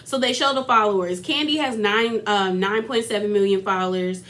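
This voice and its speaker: A woman's voice: medium pitch, moderate pace, a bit bright. A woman vlogger giving a casual, chatty recap of a reality show, full of fillers and laughter.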